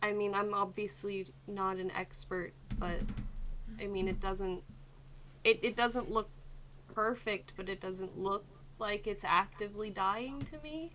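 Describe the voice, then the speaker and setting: Woman, tabletop player, bright tone, hesitant, restarts often. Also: medium pitch, a little slow, a little hiss or hum, poor audio. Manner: hesitant, lots of ums and restarts. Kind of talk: tabletop role-play.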